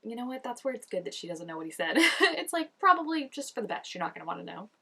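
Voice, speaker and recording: A woman's voice: medium pitch, sing-song, fast talker, creaky, pushed and bright, breathy edge. A young woman hosting a casual reaction video, chatting emotionally and talking back to the screen.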